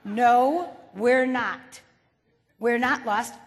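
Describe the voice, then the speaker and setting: Woman doing an insistent, pompous husband, slow and stubborn, in a hall with echo. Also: a little high, voice pushed down. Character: stubborn defensive husband, middle-aged man. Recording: reverberant hall.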